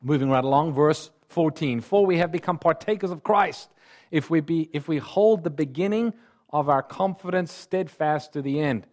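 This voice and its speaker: A man preaching a sermon in an earnest, emphatic way, slowing down and rising in pitch on key words. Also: darkish tone.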